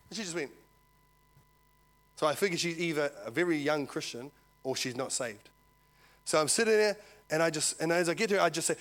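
Speaking fast and pausing often, this pastor has a fairly high voice. In his sermon he narrates a story with energy, voicing each character, and checks in with an "Amen?" to his church.

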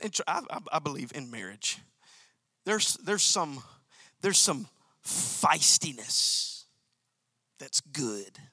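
A man's voice: a little high, sharp tone, dry recording. A male pastor preaching a sermon, emphatic and repetitive, calling out to members of his congregation. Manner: emphatic, repeats key phrases, calls out to congregation.

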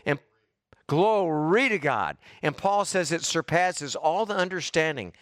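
A middle-aged man preaches a fervent sermon, breaking into exclamations of praise. His voice sits fairly high for a man, and the recording is dry and close, with little room sound. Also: animated, a little slow, fairly bright tone, no echo. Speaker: pastor.

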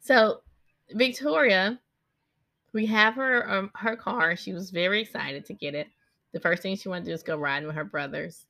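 A woman's voice: medium pitch, normal speed, vocal fry, pushed and bright, dry recording. A woman in her thirties chatting casually about family life, rambling and breaking off now and then to direct her kids. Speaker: mother recording a podcast vlog. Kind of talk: casual personal chat.

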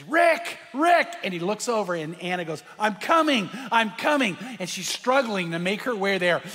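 A man's voice: high voice, gravelly, bright, forceful tone, slightly rough. A man preaching a sermon, telling a story earnestly and speaking straight to his congregation. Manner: earnest storyteller who addresses the congregation directly. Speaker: pastor. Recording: long hall reverb.

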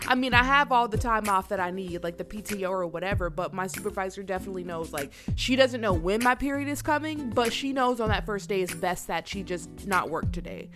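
A woman's voice: mid-range voice, animated, a little fast, few pauses, over music. A young woman hosting her own podcast, talking candidly and casually to her listeners, whom she calls y'all. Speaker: podcast host. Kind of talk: casual solo podcast monologue.

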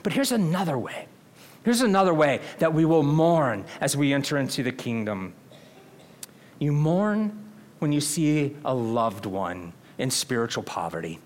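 In this sermon, a male pastor talks with the congregation earnestly and conversationally, frequently asking them questions. His voice is fairly high with large swings in pitch, and his delivery runs a bit slow.

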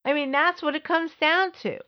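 A middle-aged woman hosting a podcast, telling a personal story in an emphatic way, repeating words for stress and swinging between high and low. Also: steady tone, moderate pace. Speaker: podcast host. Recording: slightly dull lo-fi audio.

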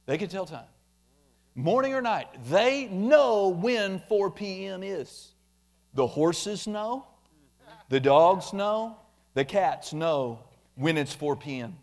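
High-voiced preacher guy, really animated, mocks whiny complaints, mains hum behind. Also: slow pace. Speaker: pastor. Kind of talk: sermon.

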